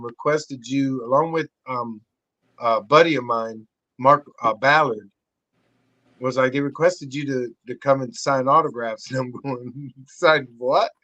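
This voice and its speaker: A middle-aged man, a guest on a podcast, telling a story in a loose, profane way and jumping high in pitch when he acts out what people said. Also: dry recording, poor audio. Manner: animated, profane, acts out quotes with big pitch jumps. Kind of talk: casual storytelling chat.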